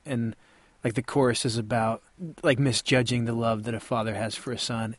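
A man's voice: medium pitch, no echo. A man in his thirties sharing a heartfelt, reflective story in casual chat.

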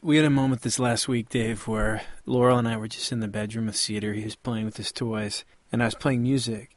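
Heartfelt low-voiced man, dry sound. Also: steady tone, a little fast, dry recording. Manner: reflective, heartfelt. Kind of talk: casual chat.

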